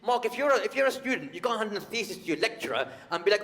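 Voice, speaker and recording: A man's voice: high voice, fast talker, fairly bright tone. A stand-up comedian, a man, talking conversationally and teasing the audience on a large theatre stage. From United Kingdom. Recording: long hall reverb.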